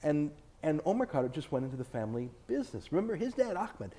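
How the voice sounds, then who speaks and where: Man, interview guest, emphatic, argumentative, animated pitch, warm darker tone. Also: quick pace. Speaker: author and TV host, interview guest. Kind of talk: sit-down interview. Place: indoors, filmed interview.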